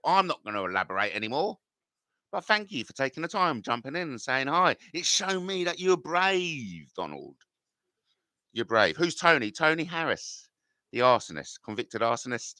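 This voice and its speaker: Middle-aged man, live stream, swearing, rambling, sharp tense tone, dry close sound. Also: fairly high pitch, clean tone, dry recording. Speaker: YouTuber live-streaming and reading chat.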